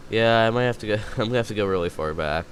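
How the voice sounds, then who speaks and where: A man's voice: fairly low pitch, rapid-fire, a little hiss or hum. A man casually chatting as he reacts to videos, rambling and laughing often as he thinks aloud. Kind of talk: casual chat.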